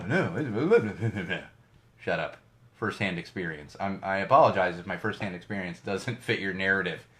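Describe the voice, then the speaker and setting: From a home studio, a middle-aged man hosts his own podcast, delivering ranty, digressive solo commentary with plenty of emphasis. His voice is fairly low in pitch and a bit bright.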